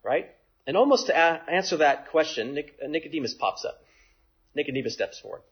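A man preaching a sermon in an animated way, acting out the voices in the passage he reads and often asking "right?". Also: on the high side, brisk, slightly rough, highs cut off. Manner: animated, acts out quoted voices, frequent "right?". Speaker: pastor.

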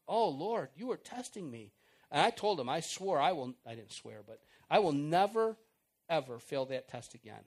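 A middle-aged man preaching an informal sermon, acting out prayers and conversations in an animated way. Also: a little high, moderate pace.

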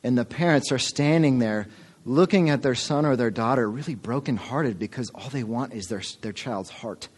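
In a husky, mid-range voice at a moderate pace, a man preaches as pastor. He's earnest and keeps calling his listeners folks.

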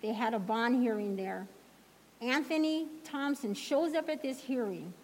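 Slow, emphatic woman preaching in a reverberant hall. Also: on the high side, a little mellow, slight background noise. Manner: emphatic, repeats phrases for effect. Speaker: lay speaker giving a church lesson. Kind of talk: heartfelt sermon-style storytelling. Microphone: handheld microphone.

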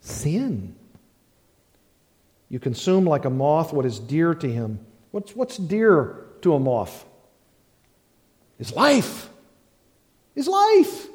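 A man preaching a sermon as pastor, slow and emphatic, repeating key phrases. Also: fairly high pitch, sing-song, mellow, in a large hall.

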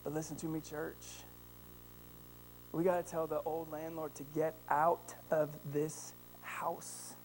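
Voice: mid-range voice, flat delivery, takes it slowly, darkish tone, slight background noise. A pastor delivers a sermon to his church, spinning an everyday story and turning it into a lesson. He speaks straight to the congregation, tossing in "right?" to pull listeners along, and builds toward fervent, emphatic declarations. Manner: storytelling, addressing the congregation directly with rising fervor; frequent "right?" tag questions.

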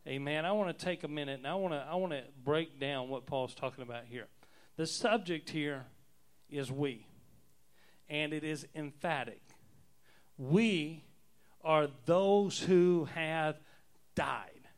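A man preaching an expository sermon as pastor, stressing words and repeating them, growing fervent and loud. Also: fairly high pitch, moderate pace. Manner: builds from calm teaching to fervent, near-shouting preaching.

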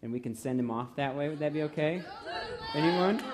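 A man's voice: a little high, fairly quick, over a noisy crowd, very noisy. A man leading a youth group in casual, encouraging talk with a playful touch.

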